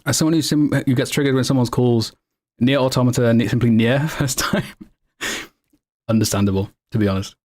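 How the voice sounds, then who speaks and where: A man's voice: mid-range voice, brisk, a little mellow. A man streaming casually, chatting with viewers in a rambling, self-correcting way and laughing often. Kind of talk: casual livestream chat, answering viewers.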